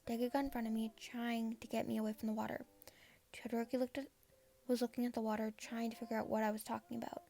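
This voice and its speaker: A woman reads fan fiction aloud in a casual, first-person way. Her voice sits a little high and carries a strong gravelly fry. The narration runs on loosely, with the feel of a home recording. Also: little pitch movement, fast talker, warm tone. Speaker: fanfiction reader.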